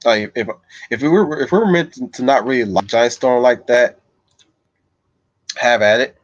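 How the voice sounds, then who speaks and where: A man's voice: medium pitch, moderate pace, no echo. A man rambling casually on a livestream, often stammering and repeating words, in a dull, dry recording. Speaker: streamer.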